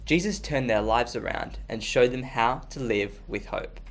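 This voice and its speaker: A man's voice: medium pitch, moderate pace. A man presenting a children's ministry lesson, telling a story with energy and talking to the kids. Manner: energetic, talks to the audience.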